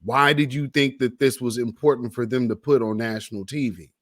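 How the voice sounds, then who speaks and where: A man's voice: mid-range voice, steady tone, a little fast. A man hosting a commentary show, reacting to video clips in an emphatic, preachy way and drawing out the words he stresses. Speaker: commentary host.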